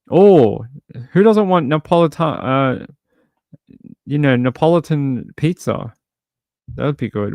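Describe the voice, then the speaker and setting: A man hosting a livestream, chatting casually and a little rambling. He reads viewer comments and tosses in playful jokes. His voice sits mid-pitch and sounds close and dry. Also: dry recording. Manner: chatty and rambling, many fillers and restarts; jokey, playful asides. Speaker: livestream host.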